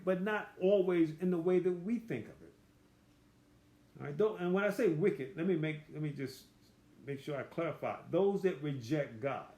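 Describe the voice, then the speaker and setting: A man's voice: a little high, animated, darkish tone, roomy sound. Folksy man teaching a Bible study. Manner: reads verses slowly and emphatically, then explains in plain folksy talk.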